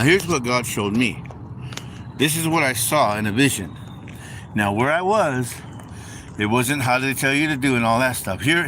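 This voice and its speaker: Calling his audience folks, a preacher talks through a laid-back sermon in a conversational manner, returning to the same phrases again and again. He is male and unhurried, with lively rises and falls in pitch, and a continuous hum sits under the recording.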